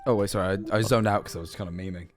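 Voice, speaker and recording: A young man streaming reaction commentary, casual and sweary, breaking into loud excited outbursts. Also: fairly low pitch, very fast, over music.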